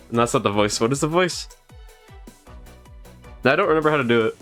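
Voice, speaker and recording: A man's voice: mid-range voice, expressive, a little fast, pauses often, fairly bright tone, soft background music. A man streaming a game, chatting casually, laughing at himself and reading lines aloud. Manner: laughing, self-mocking asides. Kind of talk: casual gaming commentary, reading dialogue aloud.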